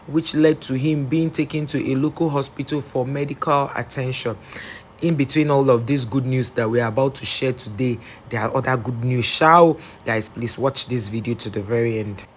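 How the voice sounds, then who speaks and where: A man's voice: medium pitch, a little hiss or hum. A man with a Nigerian accent giving casual, sarcastic news commentary on a vlog, breaking off to read news reports aloud. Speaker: commentary vlogger.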